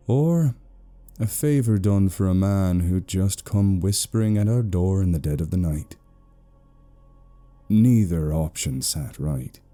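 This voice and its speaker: A British man narrating a horror story slowly, in a hushed tone. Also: low-pitched.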